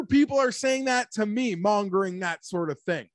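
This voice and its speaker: A man hosting a casual sports talk show, animated and rambling, talking like an emphatic fan. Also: sits high, moderate pace, no room sound, clean studio sound. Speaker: sports podcast host.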